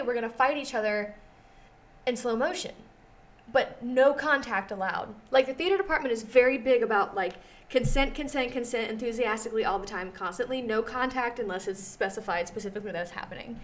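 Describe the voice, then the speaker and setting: A young woman co-hosting a podcast, telling a story in casual chat with lots of fillers. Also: fairly high pitch. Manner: chatty storytelling with many fillers. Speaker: podcast co-host.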